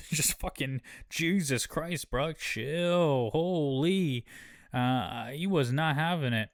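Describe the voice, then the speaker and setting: A man's voice: a little high, lively intonation, takes it slowly, dry recording, clean studio sound. A man casually recapping a TV episode, slangy and profane, rambling with lots of fillers. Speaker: show host.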